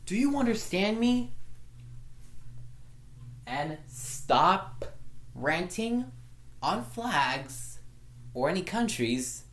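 A woman's voice: on the low side, sing-song, very slow, pauses often, slight background noise. A woman ranting in a frustrated, repetitive way, stumbling and restarting her sentences. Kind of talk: angry vlog rant. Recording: echoey room.

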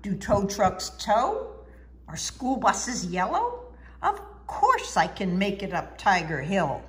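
A woman voicing a cheerful, confident woman bus driver in a storybook reading, with a bright, emphatic sing-song delivery. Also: medium pitch, wildly swooping pitch, slow, heavily acted.

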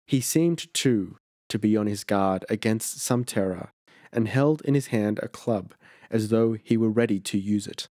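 A male audiobook narrator reading a folk horror tale in a measured way. His voice sits on the low side, and the recording is dry, with no room sound. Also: dark tone, no room sound. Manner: measured storytelling. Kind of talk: scripted narration.

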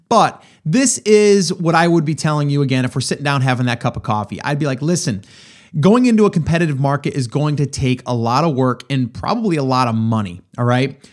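Guy host talking through advice, kinda higher voice, casual coaching tone. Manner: conversational, coaching, frequent "right?" check-ins. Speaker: podcast host. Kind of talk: casual advice answering a listener.

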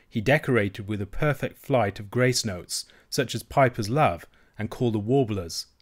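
A man narrating a classic novel as an audiobook reader, with steady, measured reading. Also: fairly low pitch. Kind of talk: scripted narration.

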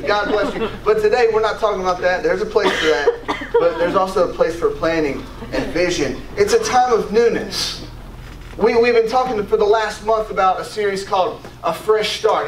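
Excitable high-voiced man preaching in a church. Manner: enthusiastic, conversational, calls for congregation responses. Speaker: pastor. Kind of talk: sermon. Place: church sanctuary. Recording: roomy, distant church recording with faint background noise.

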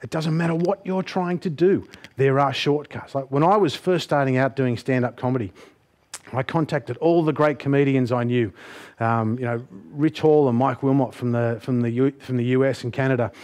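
Man, motivational speaker, jokey and animated, mid-pitched voice. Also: normal speed. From Australia. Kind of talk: humorous presentation talk.

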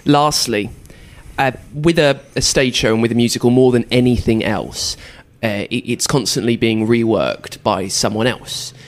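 A man's voice: medium pitch, normal speed. A man hosting a podcast, asking questions and signing off with chatty, self-deprecating jokes. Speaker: podcast host. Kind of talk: podcast interview and sign-off.

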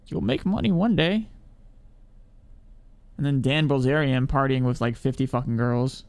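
A man's voice: mid-range voice, normal speed, pauses often, darkish tone, dry recording. A young man swearing and rambling through casual commentary as he plays a game. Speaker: game streamer.

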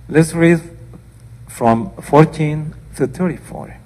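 A man's voice: mid-range voice, slow, darkish tone, husky. An older man preaching as a pastor, speaking earnestly and plainly, with informal asides between scripture readings in a church. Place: church sanctuary. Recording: church hall reverb.

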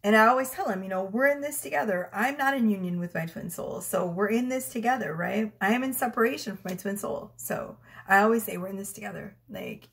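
A chatty middle-aged woman tells stories from her tarot readings in a relaxed, emotional way. She giggles often and slips into little voices to quote herself and her clients, with a voice that sits at an ordinary middle pitch for a woman. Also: fairly quick, hardly any pauses. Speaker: tarot reader. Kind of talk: casual spiritual storytelling to camera.

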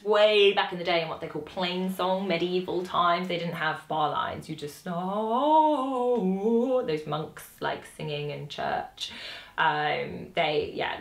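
A woman's voice: fairly low pitch, pushed and bright. A British woman, a young adult, giving a casual music lesson to camera, chatty and laughing at herself. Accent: British English. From Britain. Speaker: saxophone teacher. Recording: echoey room.

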